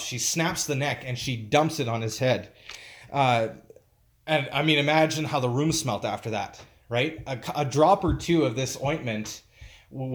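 Halting, emphatic male pastor preaching. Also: mid-range voice. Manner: informal and emphatic, halting to search for words. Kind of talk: conversational sermon.

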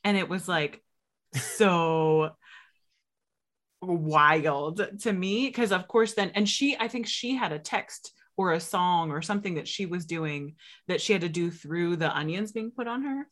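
A woman co-hosting a podcast, telling a story slowly and giggling along the way. Her voice sits a little low, and she takes her time. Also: a bit bright. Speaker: podcast co-host. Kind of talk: casual chat.

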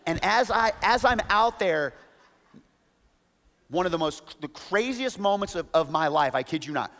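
Pastor in a reverberant church. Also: male voice, high voice, normal speed. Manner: animated, self-mocking, acts out quotes. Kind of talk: storytelling sermon. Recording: long reverb of a large hall.

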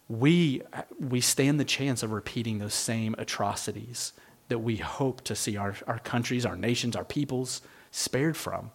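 A middle-aged man, a pastor, giving a sermon in an earnest, reflective, conversational way. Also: medium pitch.

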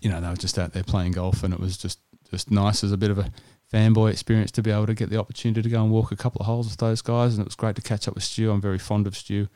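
A man's voice: on the low side, flat delivery, very fast, hardly any pauses, warm tone, no room sound. An Australian man co-hosting a podcast, telling stories in casual chat with frequent restarts. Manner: chatty storytelling with restarts. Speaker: podcast co-host.

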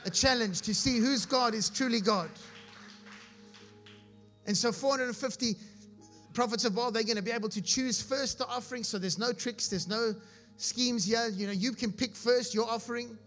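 High-voiced man preaching a sermon. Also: moderate pace, a bit bright, faint music behind. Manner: reads scripture aloud and explains it with humor; asks his audience if they follow.

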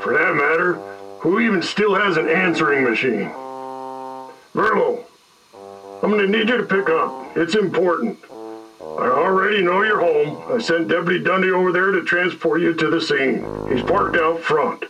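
A man's voice: a little high, lively intonation, moderate pace, bright, forceful tone, far from the mic, highs cut off, soft background music. A man playing an exasperated police chief who rants into a phone in an audio drama. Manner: blustering, fed-up ranting.

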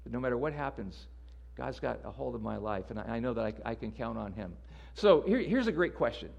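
A man's voice: mid-range voice, expressive, brisk, creaky, darkish tone, lo-fi sound. A man preaching a sermon in a casual, conversational way, often repeating words as he restarts. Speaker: pastor.

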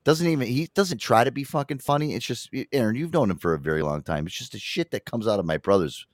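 Hosting a casual radio show from a small studio, a man tells crude stories while laughing, swearing freely and slipping into impressions. He's an animated storyteller with a medium-pitched voice who talks fast, and the loose banter is full of crude humor. His studio mic gives a clean sound with no room noise.

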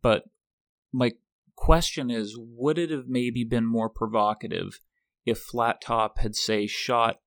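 A man's voice: medium pitch, steady tone, takes it slowly, dry recording. A man co-hosting a podcast in casual film chat, dropping dry quips and wry asides. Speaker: podcast co-host.

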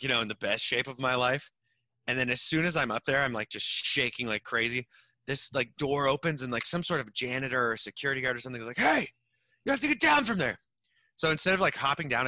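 A young man tells a long, rambling story full of fillers, often laughing as he goes. His voice is very bright and forceful. The sound is dry and close, with no room echo. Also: medium pitch. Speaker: guest storyteller. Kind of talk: casual anecdote telling.

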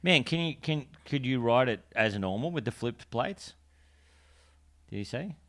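An Australian man co-hosting a podcast, easygoing and quick to laugh in casual banter. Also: mid-range voice, expressive, fairly bright tone. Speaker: podcast co-host. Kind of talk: casual chat.

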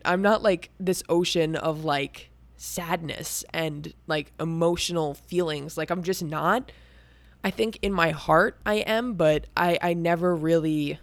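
A woman's voice: sits low, no room sound. A young woman talking candidly and at length about her own feelings, rambling with many restarts and filler words. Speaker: podcast host. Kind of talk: candid personal talk.

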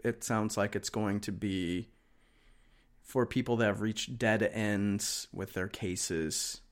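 A man's voice: fairly low pitch, fairly even intonation, takes it slowly. Wry, offhand man co-hosting. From Wisconsin. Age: 30s or older. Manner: offhand and wry, skimming listings aloud. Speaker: podcast co-host. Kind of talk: casual chat.

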